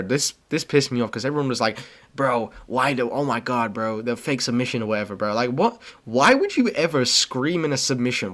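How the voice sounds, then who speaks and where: A man's voice: mid-range voice, a bit bright. A young man casually recapping fights, rambling and blunt, peppering his talk with slang and filler words. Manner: rambling, slangy, says "bro" and "okay" constantly; blunt and opinionated. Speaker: MMA commentary channel host.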